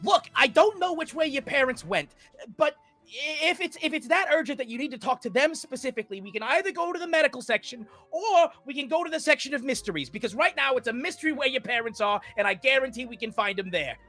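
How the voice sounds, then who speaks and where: A man voicing a capable woman who talks briskly and urgently while leading a group. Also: extremely high pitch, lively intonation, sharp tone, soft background music, pitched above the performer's own voice, full character voice. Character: brisk, capable female librarian-guide.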